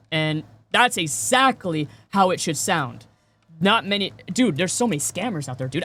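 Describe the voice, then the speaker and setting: A man's voice: on the high side, expressive, normal speed, sharp tone, a little hiss or hum. A man streaming and chatting casually with viewers, rambling with many repeated words and fillers. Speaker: game streamer.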